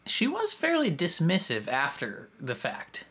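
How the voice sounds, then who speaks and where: A host gives casual commentary on a movie as it plays, chatting and speculating about the plot in lively running reactions. The voice is medium-pitched, measured and slightly rough, with the film soundtrack faintly in the background.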